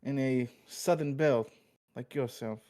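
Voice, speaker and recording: A man's voice: mid-range voice, unhurried, mellow, natural voice. A man putting on a cocky mob-guy drawl. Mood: flirting. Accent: New York Italian-American, put on. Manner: smooth, cocky sweet-talk.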